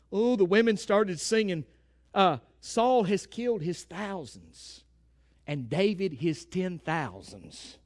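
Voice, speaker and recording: A man preaching a sermon, retelling a story and acting out the quotes, dropping to a hush and rising to shouts. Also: sits high.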